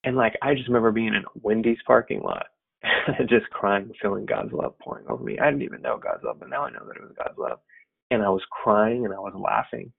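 A fairly low, husky man with a gravelly edge speaks in an earnest, reflective way. He shares a personal faith story loosely, with plenty of fillers. The sound is thin and tinny, as if over a phone line. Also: animated, brisk.

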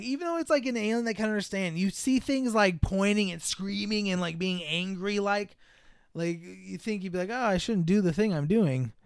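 A man's voice: high voice, creaky, smooth, no echo, studio quality. A man in casual chat, rambling and profane as he mocks a movie's plot. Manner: rambling, profane, mocking, acts out characters in voices.

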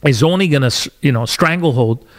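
A man's voice: mid-range voice, a little fast. A man hosting a podcast from a studio, delivering an agitated, sarcastic opinion monologue. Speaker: podcast host.

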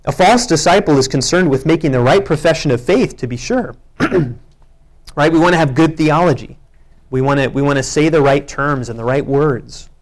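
A man's voice: fairly high pitch, normal speed. A man preaching a sermon, reading scripture aloud with earnest emphasis. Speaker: pastor.

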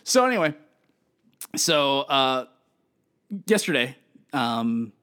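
A man in his thirties co-hosting a podcast, telling stories in a lively, chatty way with plenty of fillers. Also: medium pitch, slow, clear, resonant tone. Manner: animated storytelling with many fillers. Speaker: podcast co-host. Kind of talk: casual chat.

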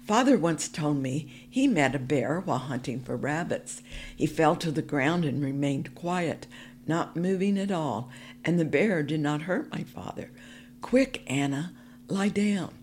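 A woman reading a storybook aloud for a podcast, narrating in the first person in a calm, measured way. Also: low-pitched, slight background noise.

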